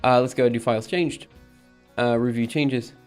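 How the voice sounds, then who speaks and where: A man chatting casually on a live stream, thinking aloud with many pauses and restarts. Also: mid-range voice, steady tone, darkish tone, clear, resonant tone, faint music behind. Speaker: streamer and project maintainer.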